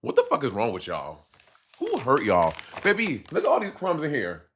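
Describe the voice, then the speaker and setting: A man's voice: mid-range voice, normal speed, husky. A man with a Caribbean accent chatting sassily to viewers on a casual live stream. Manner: sassy, animated, chatty with viewers.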